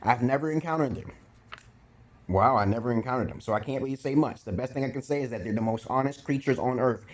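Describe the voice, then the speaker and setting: A man's voice: mid-range voice, quick pace, slight background noise. A man from Brooklyn with a New York accent, talking bluntly and profanely in a rambling casual monologue at home, chewing gum as he speaks. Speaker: vlogger giving dating talk.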